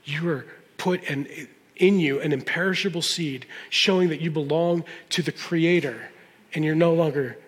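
High-voiced pastor preaching in a reverberant hall. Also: male voice, moderate pace, husky. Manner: conversational preaching with emphatic stresses. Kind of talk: sermon.

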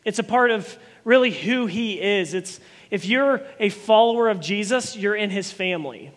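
A man preaching a sermon as a pastor, animated, with emphatic repetition and voiced quotes. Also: sits high, moderate pace, big-room sound.

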